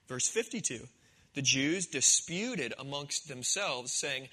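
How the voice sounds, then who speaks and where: A man's voice: mid-range voice, animated, takes it slowly, pushed and bright, poor audio. A man preaching a sermon in a conversational, storytelling way, acting out the scenes. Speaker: pastor.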